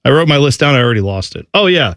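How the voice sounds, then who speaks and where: Fast, lively sports radio host man. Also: medium pitch, no room sound, studio quality. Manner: rambling, joking, fast. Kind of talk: casual sports talk. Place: radio studio.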